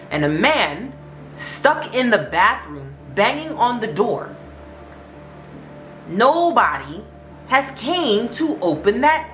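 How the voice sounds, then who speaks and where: Animated woman telling a spooky story. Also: mid-range voice. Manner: animated, conversational. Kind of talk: casual storytelling. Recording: echoey room, faint music.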